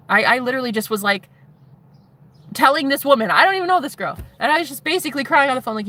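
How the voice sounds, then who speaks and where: A woman speaks from inside a car, telling her own story in a candid vlog. Her voice is bright and sharp, and her telling is blunt and profane, driving points home by repeating them. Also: high-pitched, animated, fast talker. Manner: blunt and profane, emphatic repetitions. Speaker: vlogger.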